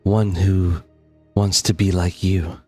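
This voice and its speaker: A man's voice: sits low, level tone, slow pace, dark tone, husky, no room sound, soft background music, pitched below the performer's own voice, full character voice. A man voicing Gravo, a flirtatious woman. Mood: wistful.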